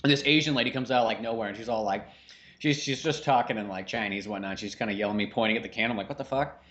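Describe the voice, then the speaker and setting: A man co-hosting a podcast in casual chat, telling stories excitedly with plenty of swearing. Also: lowish voice, rapid-fire, muffled recording. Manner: excitable storyteller, profane. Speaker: podcast co-host.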